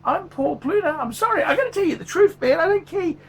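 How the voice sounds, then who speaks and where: A man's voice: extremely high pitch, expressive, quick pace, slight background noise, voice pushed up. A man voicing a furious, foul-mouthed male watch reviewer who swears constantly in a paid review rant. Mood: blunt. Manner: swears constantly, ranting, blunt.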